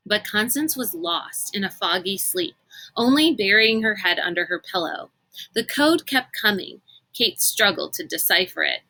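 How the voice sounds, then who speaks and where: A woman reading a novel aloud in an unhurried, expressive storytelling manner. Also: mid-range voice, poor audio. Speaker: reader.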